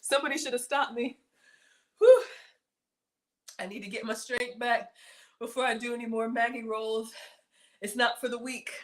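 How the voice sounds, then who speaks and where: A woman's voice: on the high side, normal speed, long pauses, darkish tone. A woman in her forties hosting a casual livestream, chatting to her viewers in a folksy way and calling them y'all. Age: 40s. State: out of breath. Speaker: livestream host.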